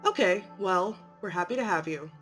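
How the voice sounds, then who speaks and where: A woman voicing a calm, polite female doctor who conducts interviews in a measured tone. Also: on the low side, faint music behind.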